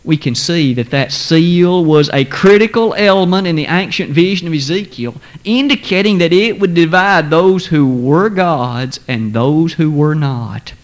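Higher-voiced man preaching a formal sermon. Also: lively intonation. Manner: measured, formal, emphatic.

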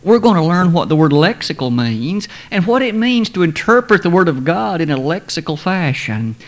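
A man preaching a sermon, speaking in a measured, formal way and slowing down to stress quoted scripture. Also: a little high, very animated. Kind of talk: sermon lesson.

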